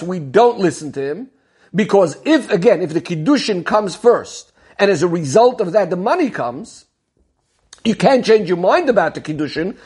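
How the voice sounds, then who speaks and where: A man's voice: high-pitched, a little mellow, breathy edge. A man teaching a Talmud lesson, explaining step by step and weaving in Hebrew terms. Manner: explanatory, repeats key terms, Hebrew and Yiddish terms. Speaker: Torah teacher.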